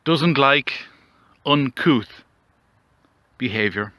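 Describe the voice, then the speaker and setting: A man delivering a mock-dramatic comedic monologue outdoors, mock-solemn and rambling, with theatrical pauses. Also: medium pitch, lively intonation, pushed and bright, no echo. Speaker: commentary vlogger.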